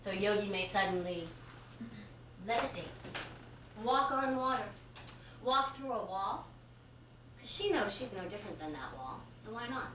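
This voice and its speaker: A woman yoga teacher performing a live storytelling monologue, animated and conversational, full of casual fillers. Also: mid-range voice, unhurried, long pauses. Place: stage before a laughing audience. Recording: echoey, distant live stage recording with noise.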